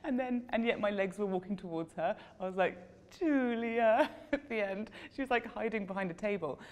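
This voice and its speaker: A woman with a mid-pitched voice recounts an awkward audition in a casual, lively way. She talks with self-deprecating humour and laughs at herself. A long reverb trails her voice, as if recorded in a hall. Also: fairly quick. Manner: self-deprecating, animated storytelling with frequent laughs. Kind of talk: casual anecdote to camera.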